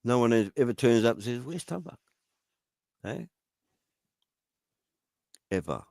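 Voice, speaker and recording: A man's voice: medium pitch, unhurried, a little mellow, dry recording. A man in a profane, taunting rant, firing goading questions at someone. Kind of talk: angry rant.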